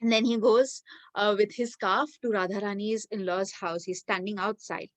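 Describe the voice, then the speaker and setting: A woman giving a devotional talk, telling a sacred story with lively, animated delivery. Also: mid-range voice, normal speed, dry recording. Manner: animated storyteller, many fillers. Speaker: devotional speaker.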